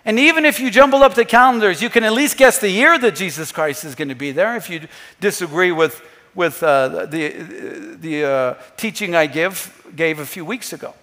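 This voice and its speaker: A male pastor preaching a sermon, emphatic, dropping to a hush and then rising to loud. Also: high-pitched, normal speed, long reverb tail. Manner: emphatic, swings between hushed and loud, acts out scripture quotes. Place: church.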